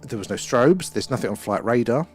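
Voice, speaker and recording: Casting: excitable male live-stream host, mid pitch, rambling, faint music behind. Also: a little fast, breathy edge. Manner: excitable, rambling, talks to chat viewers by name. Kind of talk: live-stream chat and sky-watch commentary. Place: outdoors at night.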